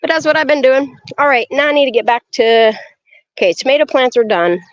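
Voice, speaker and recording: A woman's voice: sits high, fairly quick, dry recording. Chatty woman touring her garden outdoors. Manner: chatty and excitable, swears freely, talks straight to viewers. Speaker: vlogger giving a garden tour. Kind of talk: casual walk-and-talk vlog. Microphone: handheld phone camera. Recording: slightly dull phone audio.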